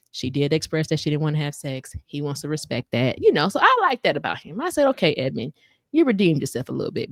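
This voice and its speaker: Brief: woman podcast co-host, lower voice, dry close mic, animated gossip recap. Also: no echo. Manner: animated storytelling, acts out voices of people she quotes. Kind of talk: casual chat recapping a reality show.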